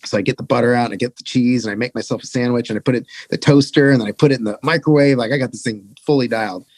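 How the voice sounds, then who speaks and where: A man's voice: mid-range voice, racing, darkish tone, breathy edge, no room sound. A young man casually telling a rambling, profane touring story as a podcast guest.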